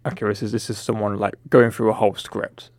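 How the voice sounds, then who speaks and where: A man's voice: fairly low pitch, level tone, quick pace, a little mellow, no room sound, studio quality. A man in a casual film chat who talks in an easygoing way, full of "like" fillers. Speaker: podcast co-host.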